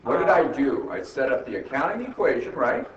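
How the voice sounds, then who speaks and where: A crowd can be heard behind this medium-pitched, sing-song, fairly quick voice of an accounting instructor from the United States giving a classroom lecture. He keeps asking students "right?" and teases them with wry jokes, and the audio is distant, echoey, muffled, and faintly hissy.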